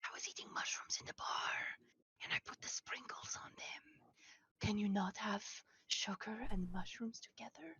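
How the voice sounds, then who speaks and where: A woman's voice: medium pitch, moderate pace, slightly rough, dull audio, full character voice. A woman playing a dramatic little dragonborn sleuth. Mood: whispering worried. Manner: loud, theatrical, then whispering worriedly. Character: small tough female dragonborn investigator, dramatic.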